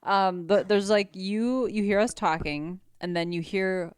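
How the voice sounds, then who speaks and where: A woman co-hosting a paranormal podcast, chatting casually with quick agreeing interjections. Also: medium pitch, fairly even intonation, clear, resonant tone, dry recording, clean studio sound. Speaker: podcast co-host. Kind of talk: casual chat.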